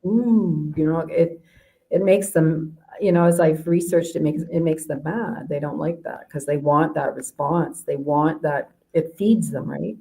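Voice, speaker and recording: A woman's voice: sits low, fairly even intonation, measured pace, creaky, mellow, poor audio. A woman from Canada, a life coach, chatting as a guest in a casual interview, rambling with many fillers and restarts.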